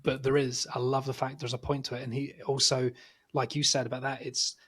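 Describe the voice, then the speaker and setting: A man co-hosting a film review podcast, telling stories in an animated, casual way and swearing freely. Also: medium pitch, brisk, breathy edge. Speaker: podcast co-host.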